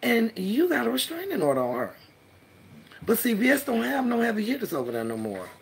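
Woman going off on camera, cussing, mocking laughs, mutters low then yells. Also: huge pitch swings, brisk, creaky, husky. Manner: brash, profane, swings between low mutters and loud outbursts; mocking, laughs through her words. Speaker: vlogger. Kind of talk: heated trash-talk monologue.

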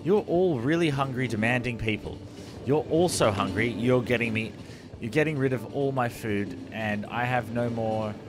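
A man hosting a gaming channel, giving animated let's-play commentary and exclaiming at the screen. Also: mid-range voice, normal speed, over music. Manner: animated, exclaiming, addresses viewers as legends.

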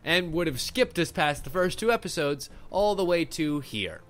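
A young man commentating over gameplay in a sarcastic, comedic way, swearing and panicking loudly, with game music behind him. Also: a little high, lively intonation, normal speed. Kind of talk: comedic let's play commentary.

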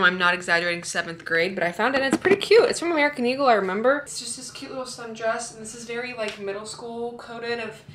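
A woman in her twenties chatting casually to her phone camera at home, gushing and excitable, swearing freely as she shows off her haul. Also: mid-range voice. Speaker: fitness vlogger. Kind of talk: casual vlog chat.

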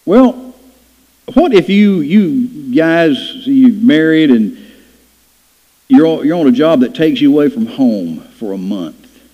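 Folksy preacher in a church hall. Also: male voice, medium pitch, lively intonation, slow pace, warm tone. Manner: folksy storytelling with playful acted-out voices. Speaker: pastor. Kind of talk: sermon. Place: church sanctuary. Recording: dull lo-fi church hall recording.

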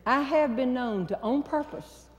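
An older woman with a North Carolina Southern accent, telling a comic story on stage in an animated, drawling way. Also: high voice, unhurried, muffled recording. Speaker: humorist. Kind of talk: stand-up storytelling. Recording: hall with long reverb.

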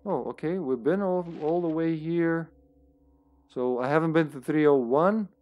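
A man streaming a horror game, talking casually to himself as he plays, often trailing off into quiet mutters. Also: a little high, moderate pace, muffled recording, faint music behind. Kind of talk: casual gameplay commentary.

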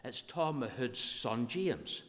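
This Northern Irish minister speaks slowly at medium pitch, his slightly bright voice swinging widely in pitch. Leading prayer and preaching in church, he stays earnest and conversational, with the echo of the hall all around.

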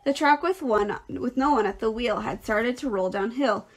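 A woman teacher reading a children's novel aloud in a clear, expressive storytelling voice. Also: fairly high pitch, normal speed.

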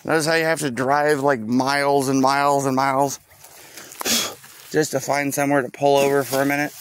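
A man's voice: medium pitch, little pitch movement, normal speed, a little hiss or hum. A man rambling outdoors in a park, profane and meandering, trailing off with a rueful tone.

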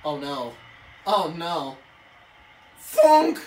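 A woman commentating her own video game play, excitable, swearing and yelling at the screen. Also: sits low, drawn-out words. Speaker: gaming video creator. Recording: echoey room, off-mic, faint hiss.

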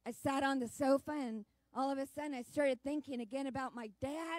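A woman's voice: high-pitched, brisk, hardly any pauses, darkish tone, no echo. Earnest woman telling a sermon story. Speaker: church speaker. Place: church service.

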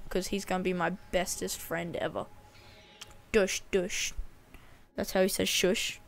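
A woman's voice: mid-range voice, a bit bright. A woman with an Australian accent giving chatty, playful let's-play commentary and talking back to the game characters. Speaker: gaming channel host.

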